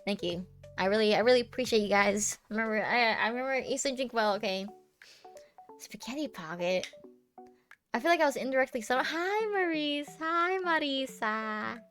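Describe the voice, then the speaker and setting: A woman's voice: a little high, fast, fairly bright tone, faint music behind. A young woman streamer chatting casually with her viewers, playful and teasing, giggling often and rambling with lots of fillers.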